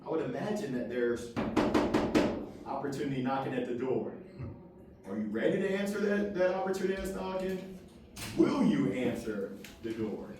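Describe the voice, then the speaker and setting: A man giving an energetic, playful workshop talk to a live audience, quizzing the crowd. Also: mid-range voice, moderate pace, noisy background. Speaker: motivational speaker. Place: meeting room with a live audience. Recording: very echoey room, far from the mic.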